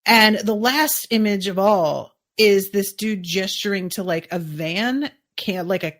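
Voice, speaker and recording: A woman's voice: medium pitch, unhurried, a bit bright. A woman hosting a podcast, chatting casually through an episode recap, musing and thinking aloud with lots of fillers. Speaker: podcast host.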